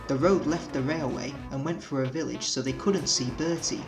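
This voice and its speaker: A man narrating a children's railway storybook with gentle, expressive storytelling. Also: medium pitch, normal speed, over music, poor audio.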